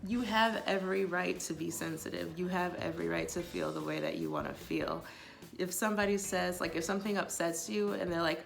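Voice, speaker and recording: Low gravelly woman vlogging relationship advice, says like a lot, faint music under her. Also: big pitch swings, fairly quick. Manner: chatty, many filler likes, quotes others in passing. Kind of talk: casual talking-to-camera advice.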